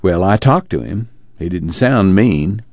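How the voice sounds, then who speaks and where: A man voicing a steady young married mechanic with a terse rural drawl. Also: low-pitched, unhurried, voice pushed down. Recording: dull lo-fi dry audiobook recording.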